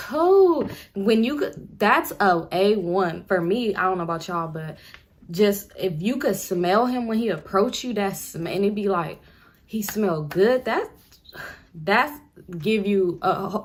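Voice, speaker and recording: A young woman tells a long personal story to her viewers in a chatty, rambling way. Her voice sits at a medium pitch. She keeps speaking straight to her audience, full of slang and easy laughter. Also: expressive, measured pace. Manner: slangy, laughs through the telling. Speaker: storytime vlogger. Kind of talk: casual storytime chat.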